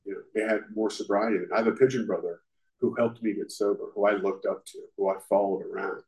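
At a recovery meeting, a man with a slightly low, somewhat mellow voice candidly tells his own story at a quick, steady pace. He's frank and self-deprecating, speaking loosely with plenty of "you know," on a rough recording.

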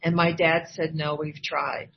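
A woman's voice: low-pitched, level tone, unhurried. An older woman from Iowa telling her own recovery story to a meeting, candid and acting out the voices she quotes. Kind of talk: personal testimony at a recovery meeting. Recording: dull lo-fi recording, faint ambience.

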